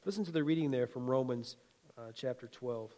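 A man preaching a sermon in a folksy, conversational way, swinging between loud emphatic lines and quiet asides, with chuckles. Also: mid-range voice, brisk. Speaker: pastor.

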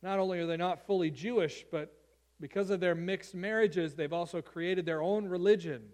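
Man preaching, high voice, earnest, emphatic, repeats his points. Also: normal speed, a little mellow. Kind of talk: sermon, Bible reading and teaching.

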